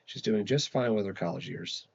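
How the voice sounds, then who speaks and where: A man's voice: on the low side, normal speed, vocal fry, slightly rough, lo-fi sound. A man reading aloud and voicing an angry, strict middle-aged father scolding his daughter in a storybook. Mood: stern. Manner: stern and scolding.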